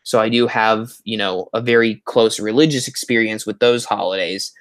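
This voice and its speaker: A man's voice: fairly low pitch, fairly even intonation, moderate pace. A man hosting a livestream on a headset, chatting casually and reading out viewer comments in a rambling way. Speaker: YouTube livestream host.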